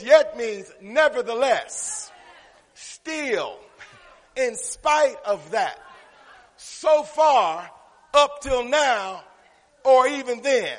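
A pastor with a high voice works the crowd through call-and-response, building up to shouted peaks. He sounds expressive and unhurried, and his sermon rings through the church sanctuary with a long, lingering reverb.

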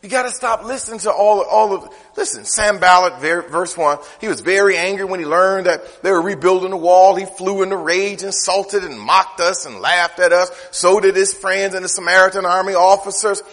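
A man's voice: sits high, normal speed, few pauses, a bit bright, in a large hall. A man preaching a sermon, talking conversationally and firing off rhetorical questions. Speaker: pastor.

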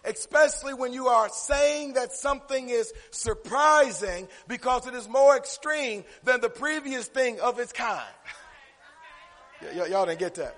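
A preacher with a high voice, working the crowd with call-and-response and rising to shouted peaks. His sermon rings out through a church sanctuary with a long, hanging reverb. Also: unhurried. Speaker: pastor.

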